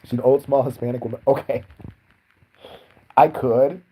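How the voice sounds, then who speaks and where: A man's voice: medium pitch, fairly even intonation, moderate pace, dark tone, husky, poor audio. A young man ranting in a crude, sarcastic, profane way as a podcast host. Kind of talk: crude comedic rant.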